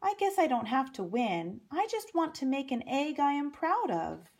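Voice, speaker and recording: A woman reading aloud and voicing a small, eager boy bunny in a bright, bouncy way. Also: high-pitched, sing-song, moderate pace, slight background noise, voice pushed up. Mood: earnest.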